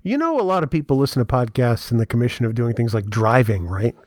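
A man's voice: medium pitch, expressive, quick pace, a little mellow, dry recording, studio quality. A man co-hosting and producing a podcast in casual chat, teasing his partner with wry, pedantic remarks.

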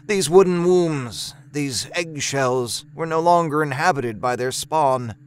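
A man narrating a first-person horror story in a measured, deliberate way, lingering on its imagery. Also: a little high, smooth.

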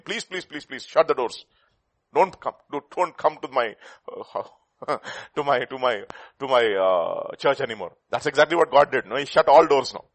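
A man's voice: mid-range voice, moderate pace. A man preaching a sermon, asking the congregation questions and telling a folk story to make his point. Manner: animated, rhetorical questions, storytelling.

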